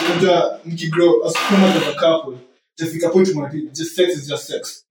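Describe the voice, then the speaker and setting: A man's voice: fairly high pitch, steady tone, moderate pace, noisy background. A young man in casual podcast chat, switching loosely between English and Swahili slang and saying "like" often. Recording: echoey room, far from the mic.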